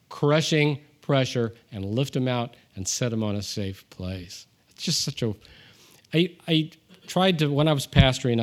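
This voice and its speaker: A man preaching a sermon, conversational with asides, rising in pitch and volume when he reads scripture aloud. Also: a little mellow. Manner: conversational with asides and self-deprecating humor. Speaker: pastor.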